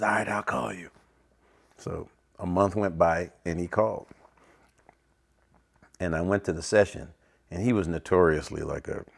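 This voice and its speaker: A middle-aged man, a jazz saxophonist, telling anecdotes in a relaxed interview and acting out the lines of people he quotes. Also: deep voice. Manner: acts out other people's lines in quoted voices.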